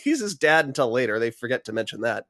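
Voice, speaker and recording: A man's voice: medium pitch, very animated, quick pace, sharp tone, no echo. Man co-host, casual profane film recap, laughs a lot, dry close sound. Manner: profane, laughing, acts out scenes. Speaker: podcast co-host.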